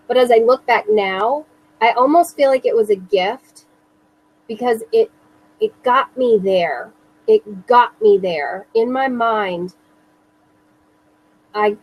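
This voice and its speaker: A woman in her thirties, a mother recounting her own experience in an interview, speaking slowly and earnestly with halting restarts. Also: fairly high pitch, a little mellow, rough recording. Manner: slow, earnest, self-reassuring, halting restarts. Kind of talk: personal testimony in an interview.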